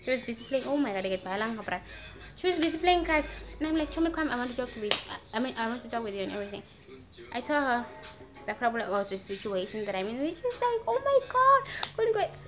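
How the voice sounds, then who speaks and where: A nineteen-year-old woman from Namibia with a Namibian accent, telling a story in a casual, animated vlog and slipping into Afrikaans slang. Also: a little high, quick pace. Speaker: vlogger. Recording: dull lo-fi sound with faint music.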